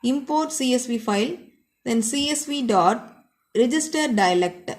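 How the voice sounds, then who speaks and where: Higher-pitched woman teaching coding. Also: lively intonation, measured pace. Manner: repetitive, explanatory, keeps ending points with a set phrase. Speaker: computer science teacher. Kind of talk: classroom coding lecture.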